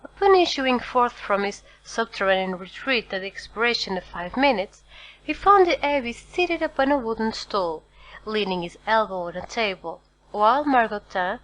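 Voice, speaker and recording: A woman reading a classic novel aloud as audiobook narrator, steady and formal. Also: mid-range voice, rough recording. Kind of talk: scripted narration.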